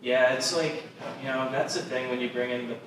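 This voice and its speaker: A man's voice: mid-range voice, fairly even intonation, fairly quick, background noise. Easygoing man, echoey distant mic. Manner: laid-back, agreeable, rambling with fillers. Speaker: podcast co-host, comedian. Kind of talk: casual chat.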